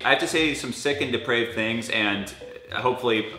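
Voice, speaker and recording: A man's voice: mid-range voice, normal speed, pushed and bright. A man hosting casual comedic chat, joking and rambling as he guesses the meanings of slang terms. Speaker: channel host guessing slang. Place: friend's home with dogs. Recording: echoey room with faint music.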